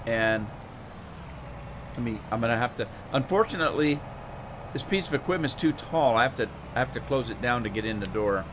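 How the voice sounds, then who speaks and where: Playing a farming game on stream, this Pacific Northwest man rambles casually to his viewers, full of fillers and side comments to chat. His medium-pitched voice is animated and a little fast, and there's background noise.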